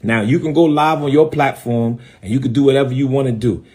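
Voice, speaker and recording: A man's voice: mid-range voice, fairly even intonation, brisk, a little mellow. A middle-aged man, a bishop ranting defiantly on a live stream and repeating his phrases for emphasis. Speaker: bishop and preacher.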